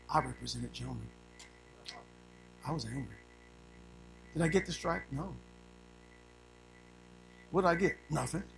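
A male preacher giving a sermon, moving between quiet storytelling and loud, rising preaching while reading scripture aloud. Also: fairly high pitch, rough recording. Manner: reads scripture in old-fashioned wording.

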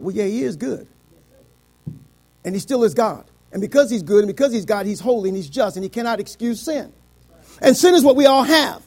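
A middle-aged man preaching a sermon, quoting scripture in old biblical wording and swinging between shouted climaxes and quiet, low passages. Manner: quotes scripture in King James wording.

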